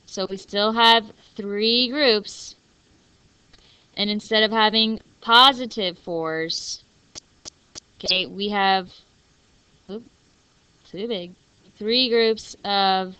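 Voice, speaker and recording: A woman's voice: medium pitch, pushed and bright, smooth, dry recording, poor audio. A young woman teaching a math lesson in a chatty, self-deprecating way over a screencast.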